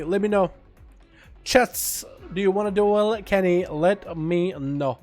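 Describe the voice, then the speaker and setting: A young man hosting a casual gaming livestream, sick, talking in an excitable, rambling way and laughing often. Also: high-pitched, slow, faint music behind. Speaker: livestream host. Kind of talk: casual gaming stream chat.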